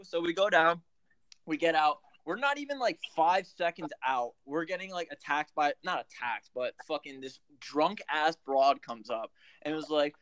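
Brief: male hockey coach, animated cursing storyteller, slightly high voice, dry close sound. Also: moderate pace, dry recording. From Philadelphia. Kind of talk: casual storytelling chat.

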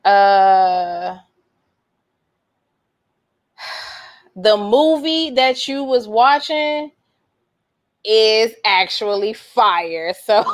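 A woman telling a story in casual chat, profane and animated, acting out what others said and laughing often. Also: mid-range voice. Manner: animated and profane, acts out quotes in other voices.

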